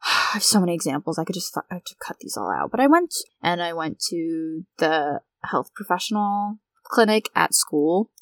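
Woman, early twenties, solo podcast host; casual, frank delivery with plenty of cursing, slightly low voice, dry recording. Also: very animated, normal speed, no room sound. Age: 20s. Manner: candid, blunt, swears freely.

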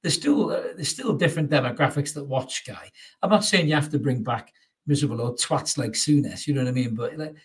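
A man's voice: medium pitch, a little fast. A man over 38, hosting a casual football chat with blunt, sweary banter. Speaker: podcast host.

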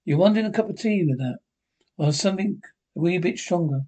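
An older man with a Scottish accent, acting in a sitcom and trading gruff, salty, teasing banter. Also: sits high, animated, fairly quick, mellow. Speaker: sitcom actor. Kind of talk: sitcom dialogue.

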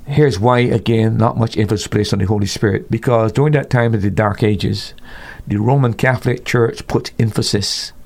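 A man's voice: lowish voice, fairly even intonation, moderate pace, creaky, darkish tone. A man explaining church doctrine as an interview guest, emphatic, often restarting and repeating words, with his voice jumping up when he scorns excesses. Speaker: guest Bible teacher. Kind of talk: conversational interview teaching.

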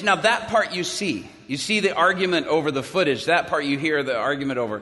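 A man's voice: fairly high pitch, brisk, hardly any pauses, big-room sound. A man telling a dramatic story of his own to an audience, acting out the voices of the people in it. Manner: acts out the dialogue he quotes, with sudden shouts.

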